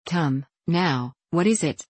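A woman's voice: low-pitched, expressive, takes it slowly, darkish tone, dry recording, exaggerated voice. Bluff teenage boy, read by a woman. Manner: bluff, gruff. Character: blunt good-hearted teenage boy.

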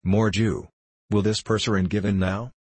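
A man reading the part of a shrewd musketeer captain, wry and measured. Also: on the low side, flat delivery, dry recording.

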